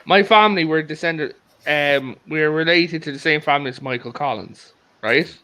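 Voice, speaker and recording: Irish guy hosting, high bright voice, laughs a lot telling stories. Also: moderate pace. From Republic of Ireland. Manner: animated storyteller, laughs often. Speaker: podcast host. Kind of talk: casual chat.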